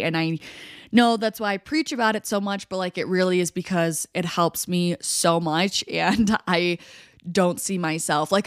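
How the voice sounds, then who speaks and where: A woman's voice: fairly low pitch, clean tone, no room sound. A young woman hosting a solo podcast, talking earnestly and reflectively with many "like" fillers, close to the mic. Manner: earnest, heavy use of "like" fillers. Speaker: podcast host.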